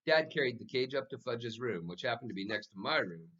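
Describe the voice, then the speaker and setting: A man reading a children's novel aloud as the narrator, with lively, expressive storytelling. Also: medium pitch, brisk, muffled recording. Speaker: audiobook narrator. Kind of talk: scripted narration.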